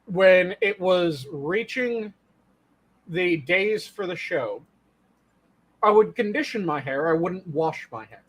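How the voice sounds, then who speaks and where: A stage actor co-hosting a casual online podcast tells stories emphatically, swearing plenty along the way. His voice sits high with lively intonation, a slow pace, and a breathy edge.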